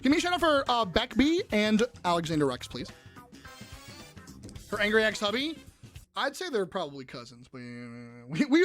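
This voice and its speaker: A woman hosting a live-stream trivia game in a wildly animated voice that swoops up and down. She is excitable and foul-mouthed, bursting into shouts and high squeals, with faint music playing behind her. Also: moderate pace, long pauses.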